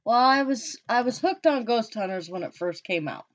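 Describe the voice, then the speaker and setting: A woman's voice: fairly high pitch, animated, normal speed. A young woman co-hosting a talk show, telling stories in an easygoing casual chat. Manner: easygoing, storytelling. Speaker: podcast co-host. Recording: dull lo-fi recording.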